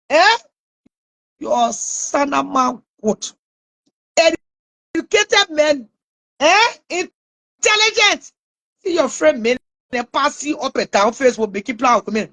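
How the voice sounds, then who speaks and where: A woman's voice: sits high, a bit bright. A woman with a Liberian English accent, ranting and scolding someone online with mocking laughs. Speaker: online commentator. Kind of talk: taunting live rant.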